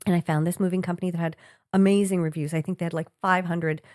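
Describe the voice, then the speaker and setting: A woman co-hosting a podcast in casual chat, telling stories in an animated, blunt way and swearing freely. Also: on the low side, fast, no echo, clean studio sound. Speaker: podcast co-host.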